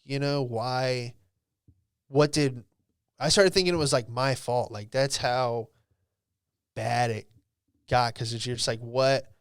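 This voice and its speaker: A young man hosting a podcast, telling a personal story in a rambling, profane way full of "bro" and "dude", sometimes dropping to a hush. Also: medium pitch, steady tone, takes it slowly, long pauses, smooth, no echo, clean studio sound. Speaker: podcast host. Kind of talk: casual storytelling monologue.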